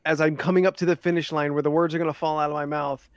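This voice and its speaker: A man's voice: fairly high pitch, little pitch movement, racing, no echo, studio quality. A man co-hosting a podcast, rambling in casual chat with lots of ums and restarts. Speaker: podcast co-host.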